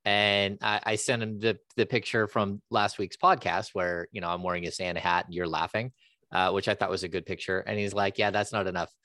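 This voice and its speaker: A man hosting a sports podcast, talking casually with halting restarts and fillers. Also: sits low, fairly even intonation, bright, forceful tone, no room sound. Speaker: podcast host.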